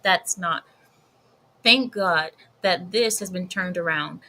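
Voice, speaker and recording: Lady ranting on her vlog, slow and deliberate, bright voice, repeats stuff for emphasis. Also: fairly low pitch, rough recording. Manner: blunt, emphatic, repeats herself for effect. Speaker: video commentator. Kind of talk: casual commentary vlog.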